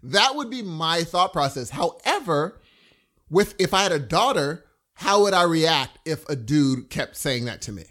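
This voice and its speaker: A man's voice: fairly high pitch, measured pace. A middle-aged man co-hosting a podcast, chatting casually and acting out what people would say. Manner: animated, acts out quoted voices. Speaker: podcast co-host. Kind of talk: casual chat.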